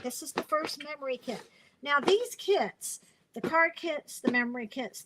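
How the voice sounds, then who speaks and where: A woman's voice: on the high side, a bit bright, slight background noise, rough recording. A woman hosting a casual craft live stream, chatty and rambling, with lots of fillers and restarts, and she sounds tired.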